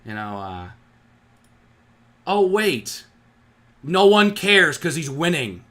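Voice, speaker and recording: A man's voice: fairly high pitch, sing-song, takes it slowly, fairly bright tone. A man hosting a sports fan channel, ranting with heat and sarcasm, often tripping over his words. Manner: heated, sarcastic, stumbling restarts.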